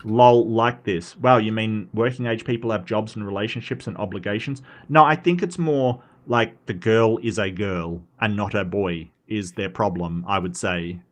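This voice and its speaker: Casual Australian male stream host, lower pitch, animated and rambling. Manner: animated, quick pitch jumps, frequent fillers and restarts. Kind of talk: casual chat reading posts.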